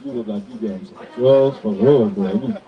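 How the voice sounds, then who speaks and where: A man's voice: lowish voice, normal speed, far from the mic, highs cut off. A man preaching a sermon and calling out to people around him, reading scripture and challenging listeners. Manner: preaching to passersby, calling out to the crowd. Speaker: street preacher.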